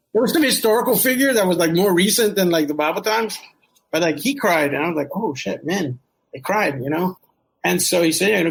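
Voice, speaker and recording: Husky man telling a personal story. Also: on the high side, poor audio. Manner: candid, rambling, emotional, with laughs and profanity. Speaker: storyteller guest.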